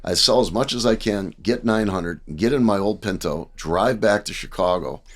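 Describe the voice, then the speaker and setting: A man in his sixties from the American Midwest, telling lively anecdotes as a podcast guest and often checking in with "right?". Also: lowish voice, moderate pace. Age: 60s. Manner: animated anecdotes, acting out dialogue, frequent "right?". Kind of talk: casual storytelling.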